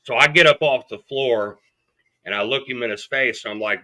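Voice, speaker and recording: A man's voice: medium pitch, normal speed, sharp tone. A man as a podcast guest, telling his story bluntly and with lots of swearing, acting out what people said. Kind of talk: storytelling in an interview.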